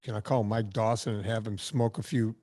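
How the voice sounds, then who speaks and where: A man's voice: on the low side, steady tone, fairly quick, mellow. A man talking as a filmmaker and podcaster guest, telling stories in a chatty, blunt way with casual swearing. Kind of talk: casual storytelling interview.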